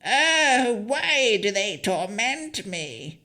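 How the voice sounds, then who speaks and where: A shrill, unhinged old hag. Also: female voice, big pitch swings, drawn-out words, pushed and bright, full character voice. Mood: shrieking. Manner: erratic, shrill, rambling. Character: mad, filthy female hag, pleading and shrieking. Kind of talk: audiobook character voice.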